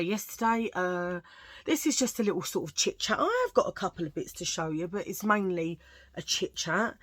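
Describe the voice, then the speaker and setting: Chatty Cockney woman with a low voice. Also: dry recording. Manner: chatty, jokey storytelling with asides. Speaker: vlogger. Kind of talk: casual chat. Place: at home, sitting under a lamp.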